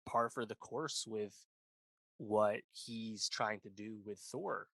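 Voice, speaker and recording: A man's voice: fairly low pitch, slow pace, creaky, a bit bright, no room sound. A man co-hosting a podcast, chatting casually about a film and rambling with lots of fillers. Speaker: podcast co-host. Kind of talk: casual film review chat.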